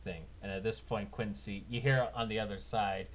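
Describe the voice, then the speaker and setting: Running a tabletop game as game master, a man narrates casually and rambles with plenty of fillers. His fairly low voice keeps a fairly even intonation at normal speed, captured on a dull lo-fi mic with faint noise.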